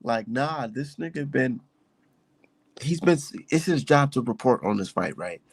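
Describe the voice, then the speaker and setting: A man's voice: mid-range voice, lively intonation, measured pace, husky, no room sound. A man in casual boxing banter, making dry, laid-back comments. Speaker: co-host.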